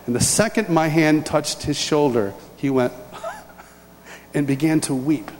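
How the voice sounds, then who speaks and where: In a large hall with long reverb and faint ambient sound, a high-voiced man shares a humorous personal testimony at a measured pace. He tells it animatedly, acting out the scenes and doing the voices.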